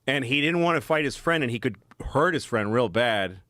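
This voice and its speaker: A man's voice: medium pitch, lively intonation, moderate pace, a bit bright, dry recording, clean studio sound. A man talking as a podcast guest, rambling and self-deprecating as he tells a story in casual chat. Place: podcast studio.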